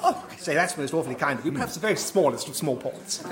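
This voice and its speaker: An actor playing a pompous, plummy older stage actor with a theatrical, drawn-out manner in a comedy sketch. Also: male voice, on the high side, animated, very noisy, natural voice. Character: pompous posh elderly male stage actor. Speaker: comic actor. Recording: echoey studio with loud audience laughter.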